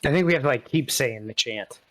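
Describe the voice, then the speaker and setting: A man's voice: mid-range voice, lively intonation, brisk, a bit bright, no room sound. Teasing casual male player. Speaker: tabletop game player. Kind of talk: casual game chat.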